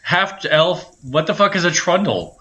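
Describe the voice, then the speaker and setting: A man chiming in with quick joking questions during a story reading. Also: on the high side, expressive, bright, forceful tone, lo-fi sound. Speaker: co-host listener. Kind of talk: casual banter.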